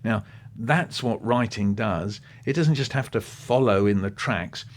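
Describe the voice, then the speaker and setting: A man, an interview guest talking with lively enthusiasm and acting out bits of what he describes. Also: fairly low pitch, a little slow. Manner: animated, quoting and acting out passages. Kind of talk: podcast interview.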